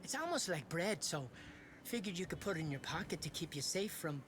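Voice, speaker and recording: A gentle young soldier. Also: male voice, on the high side, very animated, fairly quick, noisy background. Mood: earnest. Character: young WWI soldier, kind and apologetic.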